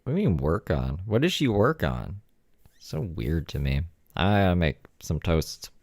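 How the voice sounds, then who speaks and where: Man, very low gravelly voice, offhand joking asides, dry close sound. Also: big pitch swings, moderate pace, a little mellow, dry recording. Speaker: co-host of vlog. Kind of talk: casual chat.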